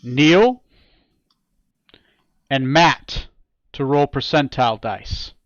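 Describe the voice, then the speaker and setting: A man's voice: medium pitch, expressive, drawn-out words, dry recording, highs cut off. A man running a tabletop game as game master over an online call, talking hesitantly with many fillers.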